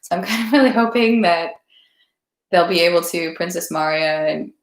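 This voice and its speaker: Woman, reading a novel aloud, low voice, steady narration, roomy echoey room. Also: moderate pace, slight background noise. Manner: steady reading, chatty afterward. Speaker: read-aloud host. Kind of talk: literary narration, then casual chat. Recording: roomy echo.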